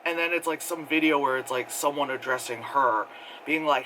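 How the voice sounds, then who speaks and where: The recording is low quality with slight background noise, capturing a man whose medium-pitched voice has a sharp tone and a slightly fast pace. He's a movie reviewer casually rambling through a film review, heavy on fillers, laughing frequently and mimicking the characters.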